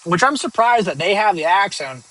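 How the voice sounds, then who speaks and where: A man's voice: sits high, animated, normal speed, pushed and bright, poor audio. Rambling joking streamer man. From northern United States. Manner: rambling, joking, with many fillers and restarts. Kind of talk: casual live-stream chat reading viewer questions.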